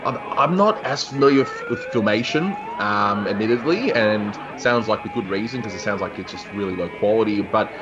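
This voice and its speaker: A man's voice: on the low side, expressive, moderate pace, hardly any pauses, over music. A man hosting a casual watch-along commentary, rambling and chuckling, with many fillers and restarts. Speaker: channel host. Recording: dull lo-fi audio with cartoon soundtrack behind.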